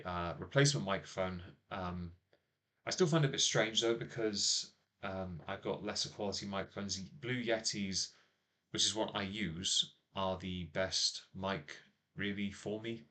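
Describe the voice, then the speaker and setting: A man from England hosts a casual live stream from a small home office, speaking through a laptop microphone. His voice sits a little low, and he rambles with plenty of ums and uhs while teasing his co-host. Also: a bit bright. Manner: rambling, filler-heavy, teasing.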